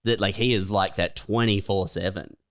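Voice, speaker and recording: A man's voice: low voice, steady tone, normal speed, dry recording, studio quality. A young adult man co-hosting a casual comedy podcast, laid-back and laughing along, often saying "man". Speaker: podcast co-host.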